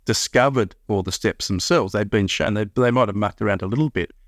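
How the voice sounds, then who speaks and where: A man's voice: lowish voice, a little fast, no echo, studio quality. A middle-aged Australian man, a guest on an interview show, explaining at length with many restarts and fillers. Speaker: math curriculum founder, guest. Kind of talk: casual interview talk.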